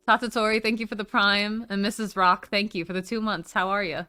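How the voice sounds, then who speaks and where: A woman's voice: medium pitch, steady tone, a little fast, few pauses, pushed and bright, smooth, soft background music. A woman livestreamer chatting casually, swearing freely and gushing thanks to her viewers. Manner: chatty, swears a lot, gushes thanks at donations. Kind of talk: casual stream chat.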